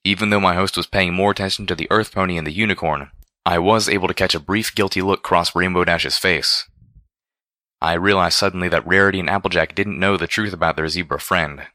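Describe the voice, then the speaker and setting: A man reading a first-person story aloud in a measured, deliberate way. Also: low-pitched, fairly even intonation, bright, forceful tone, no echo, clean studio sound. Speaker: audiobook reader.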